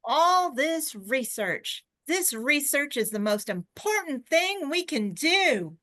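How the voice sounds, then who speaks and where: A woman reading the part of an older male president on a phone call, putting on a Southern accent, slow and emphatic. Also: sits high, very animated, a bit bright, exaggerated voice. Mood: earnest. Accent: put-on Southern American. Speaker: reader.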